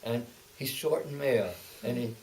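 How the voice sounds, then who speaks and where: An old man in his eighties, a veteran, tells his oral history from home with a mid-range voice, vocal fry, and a darkish tone. He halts, repeats words, and restarts before speeding up. The mic sits back in a rough recording with faint hiss.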